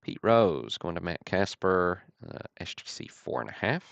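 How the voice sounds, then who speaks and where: A man hosting a livestream, calling out trading cards one after another in a steady, matter-of-fact way with dry self-deprecating asides. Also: low-pitched, moderate pace, gravelly, dry recording, dull audio. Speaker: host of a card-break livestream.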